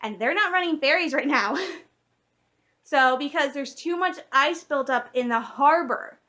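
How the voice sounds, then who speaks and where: A woman's voice: sits high, lively intonation, a little slow, bright, forceful tone. A woman, vlogging in a rambling, chatty way, laughing often and correcting herself mid-sentence. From Michigan, USA. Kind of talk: casual vlog chat.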